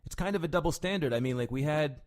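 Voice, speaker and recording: A man's voice: fairly high pitch, lively intonation, fast. A man co-hosting a casual podcast, talking animatedly and swearing, with lots of "right?" tag questions. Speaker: podcast co-host. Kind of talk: casual chat.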